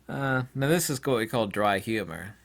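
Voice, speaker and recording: A man talking alone in a rambling philosophical monologue, sardonic and laughing at his own jokes, acting out mock dialogues and swinging from quiet mutters to loud exclamations. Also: lowish voice. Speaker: channel host.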